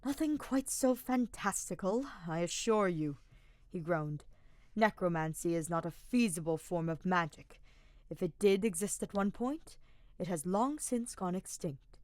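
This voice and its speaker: A woman's voice: on the low side, lively intonation, measured pace, a little mellow, no room sound. A woman reading a fan-fiction audiobook, voicing a sardonic young male mage who explains in a dry, formal way. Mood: patient.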